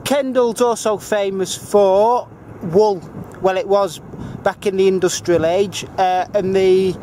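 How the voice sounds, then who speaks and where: A man with a fairly high Northern English voice talks a viewer around his hometown, halting often with filler sounds. Wind buffets the microphone over steady outdoor noise. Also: low-quality recording. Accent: Northern English, Cumbrian. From England. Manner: hesitant, heavy with filler sounds, explaining simply for foreign viewers. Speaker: amateur video tour guide. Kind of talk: casual walking-tour narration. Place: outdoors by a river.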